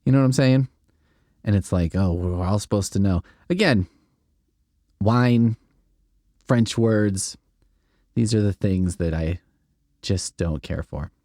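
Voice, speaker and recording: A man's voice: fairly low pitch, takes it slowly, pauses often, warm tone, dry recording, clean studio sound. A man hosting a comedy podcast, reading a script aloud and riffing with rambling, wry asides that trail off. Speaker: podcast host.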